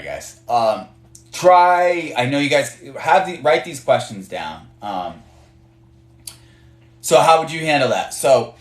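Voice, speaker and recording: A man teaching a casual management class on a live stream, talking loosely with many fillers and acting out short bits of dialogue. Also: medium pitch. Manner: conversational, many fillers and restarts, acts out dialogue. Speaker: management coach. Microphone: phone on a live stream. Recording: roomy echo.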